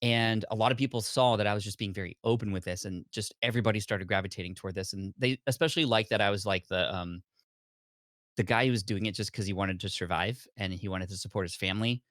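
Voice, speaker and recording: A man in his thirties with a fairly low voice recounts his story as a podcast guest. He acts out his past self with lively, expressive turns. The recording is dry and close, with no room sound. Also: fast, no room sound. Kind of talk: storytelling in conversation.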